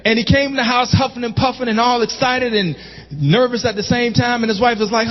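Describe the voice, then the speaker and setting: High-voiced preacher in a reverberant hall. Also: male voice, a little fast. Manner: call-and-response preaching, rising to shouts. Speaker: pastor. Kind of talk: sermon. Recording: muffled sound with long hall reverb.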